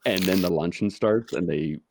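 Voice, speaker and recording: A man's voice: deep voice, moderate pace, creaky, a little mellow, a little hiss or hum. A man co-hosting a podcast, chatting casually with wry, dry humor. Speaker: podcast co-host. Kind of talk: casual chat.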